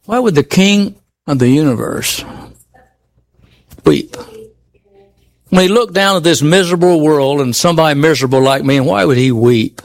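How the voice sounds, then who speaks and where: Male preacher, high voice, emphatic sermon delivery, rhetorical questions to the pews, big swings from loud highs to hushed lows. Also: animated, normal speed, pauses often. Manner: emphatic, swinging from high exclaims to low murmurs.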